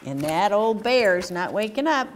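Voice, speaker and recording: At a community library story time, a woman reads a picture book aloud and asks the children questions along the way. Her voice is mid-range and her pace measured, and she reads in an animated, sing-song way.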